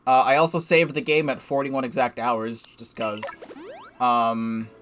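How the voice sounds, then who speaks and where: A man's voice: mid-range voice, flat delivery, a little slow, fairly bright tone, soft background music. A young man giving casual, rambling game commentary from his desk, swearing freely and laughing at himself. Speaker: let's play gamer.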